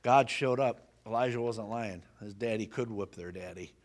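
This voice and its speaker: A man preaching a sermon, telling a Bible story with lively, folksy humor and questions for the congregation. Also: lowish voice, moderate pace. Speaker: pastor.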